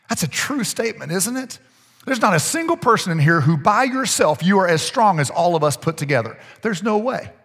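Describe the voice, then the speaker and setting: Energetic preacher with a high voice in an echoing hall. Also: male voice, slightly rough. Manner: energetic, coaxing the congregation with repeated phrases. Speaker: pastor. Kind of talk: sermon. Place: church hall. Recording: echoey church hall with long reverb.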